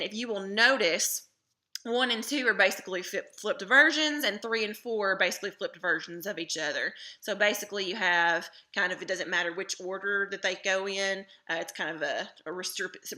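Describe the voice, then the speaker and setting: Woman, teacher, grammar lesson, patient explaining, clear bright tone. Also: medium pitch. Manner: explains slowly and patiently, stresses key terms.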